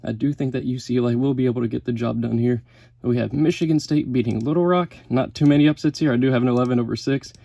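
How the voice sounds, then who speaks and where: A man's voice: mid-range voice, fairly even intonation, fast talker, gravelly, warm tone, dry recording. A man in a casual sports vlog, a little out of breath, rattling off lists and correcting himself mid-sentence. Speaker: sports YouTuber. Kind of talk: casual bracket breakdown vlog.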